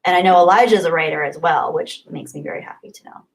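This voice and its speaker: Reading out chat messages on her livestream, a young woman talks fast in a lowish voice, gushing and laughing a lot. The recording quality is low.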